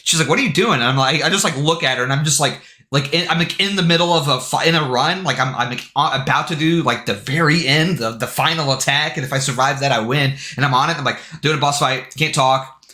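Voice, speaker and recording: A man streaming live, telling a story in an excitable way, full of swearing and filler words. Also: mid-range voice, fast talker. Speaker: game streamer. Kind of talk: casual livestream storytelling. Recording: echoey room.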